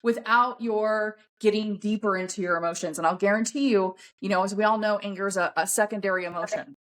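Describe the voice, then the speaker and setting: A woman's voice: medium pitch, steady tone, brisk. A woman talking bluntly and emphatically as a podcast guest, swearing often in a coaching tone. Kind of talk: casual podcast conversation.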